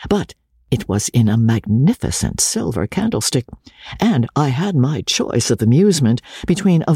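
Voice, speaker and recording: Gravelly man reading a classic novel aloud. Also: medium pitch, warm tone, dry recording, studio quality. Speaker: reader.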